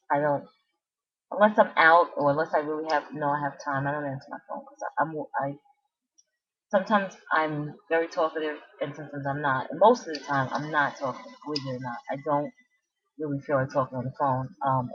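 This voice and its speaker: A woman's voice: low voice, steady tone, brisk, fairly bright tone, slightly rough. A woman chatting casually on her vlog, telling a meandering story full of asides and restarts. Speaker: vlogger. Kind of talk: casual rambling chat. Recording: dull lo-fi recording.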